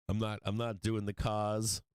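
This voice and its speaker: A man's voice: lowish voice, smooth, no room sound. Blunt, profane man hosting a trading stream. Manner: blunt, profane, laughs often. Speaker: stock market livestream host. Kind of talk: casual trading livestream talk.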